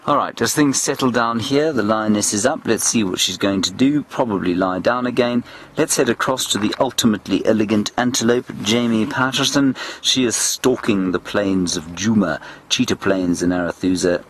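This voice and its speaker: Male live-show host, very deep voice, wry and enthusiastic, faint noise behind. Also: normal speed. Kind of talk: studio linking commentary.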